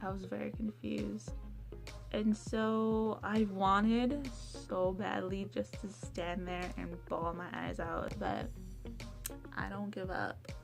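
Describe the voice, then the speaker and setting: A young woman vlogging a casual storytime, chatty, acting out quotes in a higher voice. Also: fairly even intonation, slow, vocal fry, over music.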